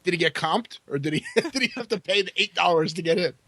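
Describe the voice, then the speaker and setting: A man's voice: high voice, quick pace, sharp tone, no echo. A man co-hosting a podcast, making sarcastic, joking asides in casual chat. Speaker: podcast co-host.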